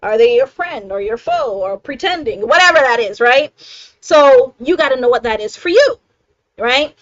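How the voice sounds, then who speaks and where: A woman's voice: sits high, animated, moderate pace, no room sound, highs cut off. A middle-aged woman hosting a live self-help stream, talking casually and emphatically, laughing often and checking in with "right?".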